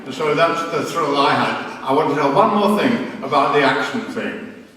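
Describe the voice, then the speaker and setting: A man's voice: mid-range voice, lively intonation, normal speed, bright, forceful tone. An older man telling anecdotes on a convention panel, hesitant with many ums and self-deprecating humor. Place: large convention hall. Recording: echoey hall from far off.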